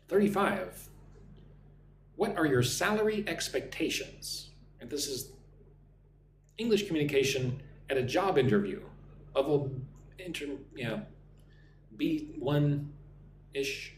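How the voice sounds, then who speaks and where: A man's voice: fairly high pitch, big pitch swings, measured pace, pauses often, roomy sound, a little hiss or hum. A man teaching English on a live stream, reading chat comments aloud and modeling sample interview answers.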